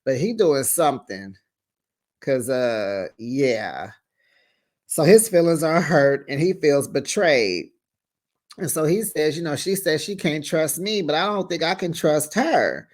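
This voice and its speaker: Sassy, animated reality-TV recap host. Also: medium pitch, unhurried. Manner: sassy, teasing, animated, calls viewers honey. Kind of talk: casual reality-show recap commentary.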